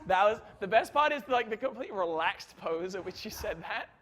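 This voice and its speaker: Bright high-voiced joking physics lecturer. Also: male voice, expressive, normal speed. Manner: chatty, joking, full of "right?" checks. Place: lecture hall.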